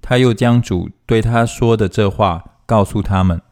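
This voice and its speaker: A man reading Bible passages aloud in a steady, formal manner, phrase by phrase. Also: on the low side, normal speed. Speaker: scripture reader.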